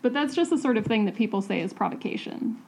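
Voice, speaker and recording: A woman's voice: fairly high pitch, animated, fast, gravelly, darkish tone, poor audio. Blunt, sardonic woman podcast co-host. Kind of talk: casual chat.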